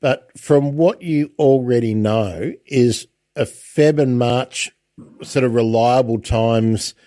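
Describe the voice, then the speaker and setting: A man hosting a casual interview, chatty, with lots of halting restarts. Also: medium pitch, warm tone, no room sound. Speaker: podcast host.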